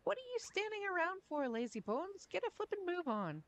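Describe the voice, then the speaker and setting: A woman's voice: extremely high pitch, big pitch swings, brisk, slight background noise, pitched above the performer's own voice, heavily acted. A woman voicing a chatty male fairy creature with a brash, teasing delivery while reading a game's dialogue.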